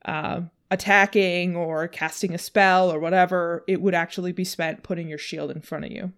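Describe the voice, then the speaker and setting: A woman's voice: lowish voice, steady tone, normal speed, fairly bright tone. A woman co-hosting a podcast, casually explaining tabletop game rules in a conversational way. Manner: conversational, with frequent "like" and laughs. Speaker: co-host.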